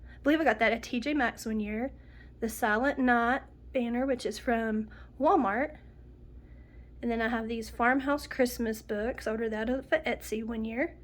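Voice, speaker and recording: A woman's voice: a little high, moderate pace. A middle-aged woman giving a chatty home tour, nasal and sniffling from a cold. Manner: chatty, homey, lists items one by one. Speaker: home decor vlogger. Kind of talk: casual home tour narration.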